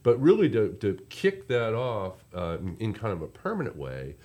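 A man's voice: lowish voice, huge pitch swings, moderate pace, darkish tone. A man, a resort representative chatting casually in an interview, rambling with many restarts.

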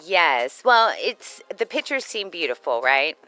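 A woman's voice: lowish voice, sing-song, a little slow, bright, forceful tone, faint music behind, low-quality recording. A woman co-hosting a casual chat, playful and jokey, laughing often. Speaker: co-host.

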